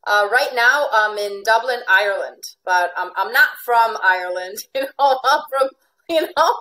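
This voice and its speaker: Brief: middle-aged woman, American accent, interview guest, chatty, laughs a lot, medium pitch. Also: moderate pace, bright, forceful tone, rough recording. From Finland and Venezuela. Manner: chatty, laughs often, repeats phrases. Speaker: guest, life coach. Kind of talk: casual interview over video call.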